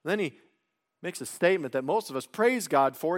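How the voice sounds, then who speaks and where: A man preaching an expository sermon in a deliberate way, sinking low and quiet to stress key words. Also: animated.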